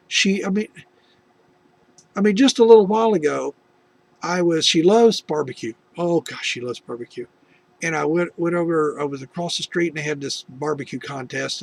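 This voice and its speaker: Here a gravelly, slightly rough voice pitched on the high side belongs to a middle-aged American man. As host of a video testimony, he wanders through his personal faith story, restarting often and drifting into asides.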